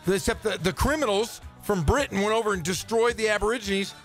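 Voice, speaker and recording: A man's voice: high voice, a little fast, soft background music. A man co-hosting a radio sports show, joking and exaggerating in casual banter on a studio microphone.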